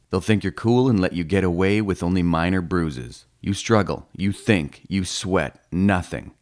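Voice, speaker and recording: A man reading a humorous book aloud with deadpan, playful delivery. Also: low-pitched. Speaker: audiobook reader. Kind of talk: comic scripted narration.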